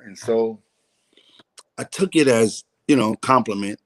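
Low-voiced comedian telling a story. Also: male voice, a little slow. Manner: candid storyteller, swears freely, acts out quoted voices. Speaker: comedian guest. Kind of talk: casual interview storytelling.

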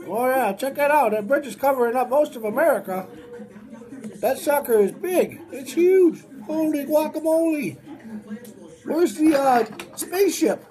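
A woman's voice: high-pitched, animated, a little slow, warm tone. A woman giving goofy, exclamatory gameplay commentary and putting on voices for places, with faint music behind.

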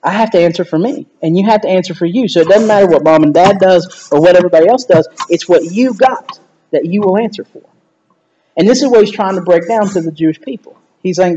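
A man with a high voice preaching to his church, chatty and animated, slipping into quoted lines along the way. The recording sounds dull and lo-fi. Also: brisk. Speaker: pastor. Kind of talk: sermon.

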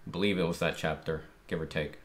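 A man giving excited, casual commentary while reacting to a comic chapter, hyped and animated, often saying "dude". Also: extremely low pitch, quick pace. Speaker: manga reaction streamer.

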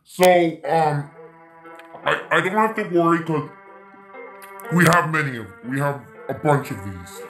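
A man's voice: medium pitch, roomy sound, poor audio. A man giving let's-play commentary on a game, swearing and venting frustration between plays. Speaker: gaming YouTuber.

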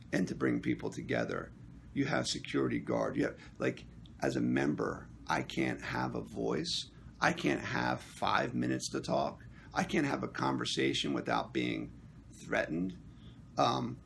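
A man's voice: mid-range voice, gravelly, slight background noise. A man, an actor and union member, recapping a meeting in a casual vlog, acting out what others said as he tells it. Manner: animated storytelling, acting out quotes.

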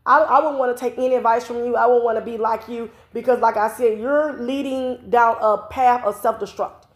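A woman's voice: a little high, fairly even intonation, a little fast, roomy sound. A woman vlogger delivering a blunt, profane, scolding opinion rant. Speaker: commentary vlogger. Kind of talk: ranting opinion vlog.

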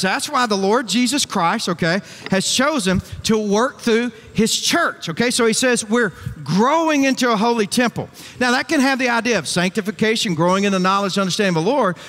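A man's voice: sits high, a bit bright, in a large hall. A male pastor preaching an emphatic sermon full of rhetorical questions and folksy asides. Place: church sanctuary.

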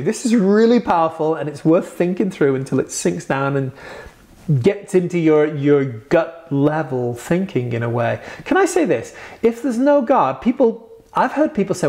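A man's voice: on the high side, sing-song, normal speed, a little mellow. A man preaching in a Q&A teaching, earnest and conversational, rising into emphatic bursts.

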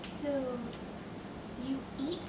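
A woman's voice: high voice, fairly even intonation, extremely slow, roomy sound, far from the mic, very noisy. A woman from the United States chatting casually at home during a candy taste test, eager and enthusiastic and sometimes talking while she chews. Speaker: channel host.

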